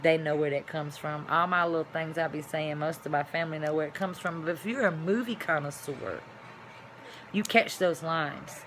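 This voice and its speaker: Chatty bright-voiced woman vlogger. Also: deep voice, moderate pace, a little hiss or hum. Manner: chatty, rambling, signs off loudly. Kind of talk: casual chat to camera.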